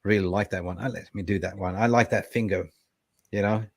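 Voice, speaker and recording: Male fan-show co-host, young adult, low voice, lively chat-reader, dry mic. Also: brisk, dry recording. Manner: lively, reads viewer comments aloud. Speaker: co-host reading live chat. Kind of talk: casual football fan chat.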